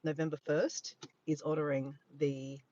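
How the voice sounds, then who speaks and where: A man's voice: a little high, flat delivery, a little slow, mellow, no echo, highs cut off. An Australian man chatting on a casual livestream from his phone in a parked car by the beach, rambling and easily sidetracked. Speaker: vlogger. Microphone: handheld phone camera.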